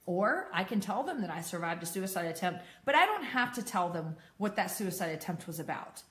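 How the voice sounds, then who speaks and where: A woman's voice: fairly low pitch, big pitch swings, brisk, fairly bright tone. Candid woman talking in an echoey room. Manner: candid, laughs often, self-deprecating asides. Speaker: peer support speaker. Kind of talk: personal talk to an audience.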